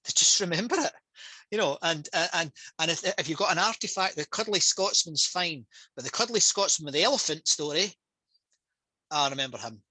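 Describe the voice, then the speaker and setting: A man's voice: a little high, fairly quick, slightly rough, poor audio. A man with a Scottish accent, a public speaker and trainer, talking casually and with passion on a video call over a headset. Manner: passionate, energetic storytelling.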